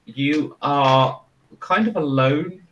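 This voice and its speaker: Male game master, unhurried, hesitant narration, faint noise behind. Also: fairly high pitch, a bit bright, highs cut off.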